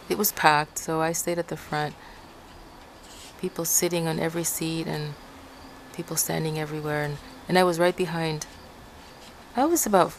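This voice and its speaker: A woman's voice: low-pitched, slight background noise, low-quality recording. A woman from Ecuador telling a personal story to her viewers in a rambling, repetitive way, often calling out to them. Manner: rambling, repeats herself, often addresses viewers as guys. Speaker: vlogger.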